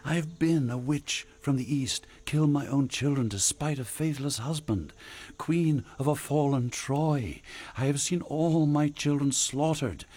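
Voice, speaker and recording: An actor playing a haunted dramatist, delivering a brooding, declamatory radio drama monologue. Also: male voice, on the high side, a little slow, darkish tone. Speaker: aging dramatist. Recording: music underneath.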